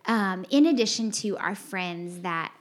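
A woman co-hosts a podcast in relaxed, candid conversation. She is animated and expressive, often jumping into a higher voice to mimic her friends. Her pitch sits in the middle range for a woman. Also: a little slow. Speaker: podcast co-host. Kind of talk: casual podcast chat.

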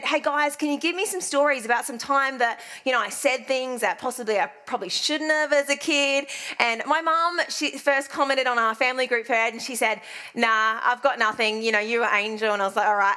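A young Australian woman gives a sermon in a chatty, self-deprecating storytelling way. Her voice sits high and sounds bright and forceful. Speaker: preacher. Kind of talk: sermon with personal stories.

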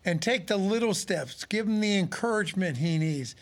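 A man in his sixties with a noticeably high voice talks football in a relaxed studio chat. He is a former pro player turned radio analyst, and he tells his stories with lively acted-out quotes. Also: normal speed. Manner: animated storyteller, acts out quotes. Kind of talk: casual sports talk.

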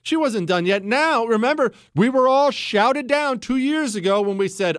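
A man hosting a political commentary show, animated and sarcastic, slipping into mocking voices. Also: extremely high pitch, normal speed, hardly any pauses, dry recording, studio quality. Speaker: host.

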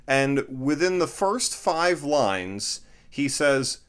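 A man's voice: fairly high pitch, very animated, very slow, clear, resonant tone. A man co-hosting a casual film-review podcast, joking sarcastically and often restarting his sentences. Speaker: podcast co-host.

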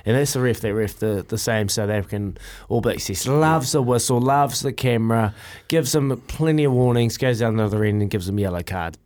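A man's voice: medium pitch, darkish tone. A man co-hosting a sports radio show, giving blunt, opinionated takes on refereeing. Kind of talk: casual sports radio chat.

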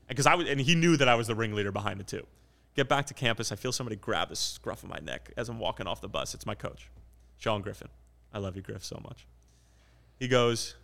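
A man's voice: fairly low pitch, vocal fry, pushed and bright. A man in his twenties, a soccer play-by-play commentator, telling stories in a casual, self-deprecating podcast chat. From New Jersey. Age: 20s. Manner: fast, joking, self-deprecating storyteller.

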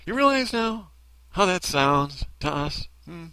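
A man rants in a bitter monologue, throwing out sarcastic rhetorical questions. His voice swings widely in pitch and has a bright, forceful edge. The sound is dry and close, with no room around it. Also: big pitch swings, unhurried, clean tone, dry recording. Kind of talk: ranting monologue.

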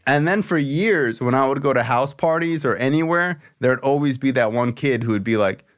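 A man's voice: medium pitch, normal speed, clear, resonant tone. A man hosting a podcast, telling a story in a loose, casual way, swearing and saying "like" a lot. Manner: loose, expletive-laced storytelling full of "like". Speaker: podcast host.

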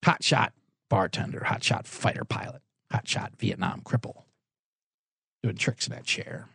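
A man's voice: fairly low pitch, a little slow, gravelly, fairly bright tone, slightly rough, no echo, clean studio sound. A man hosting a sports betting podcast, rambling through sarcastic, profane comedic riffs. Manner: rambling, sarcastic, swears a lot.

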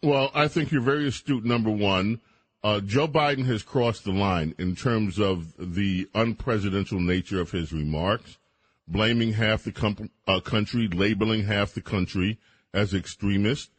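A man's voice: on the low side, unhurried, no echo. A middle-aged man hosting a radio talk show, giving opinionated, emphatic commentary with mocking asides.

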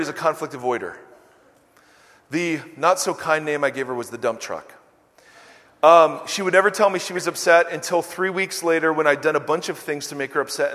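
A man preaching a sermon in an animated, emphatic way, with self-mocking humor. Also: on the high side, long reverb tail. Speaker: pastor. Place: large church hall.

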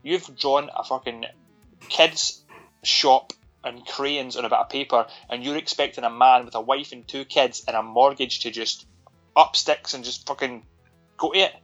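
A man's voice: medium pitch, fairly even intonation, normal speed, fairly bright tone, lo-fi sound, faint music behind. A Scottish man co-hosting a podcast, recapping a film in a sweary, sardonic, rambling way. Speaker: podcast co-host. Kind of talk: casual film-review chat.

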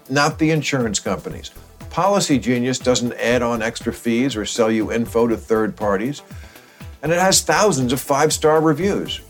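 Man reading an ad over faint music. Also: mid-range voice. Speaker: ad announcer. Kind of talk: scripted ad read. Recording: soft music bed.

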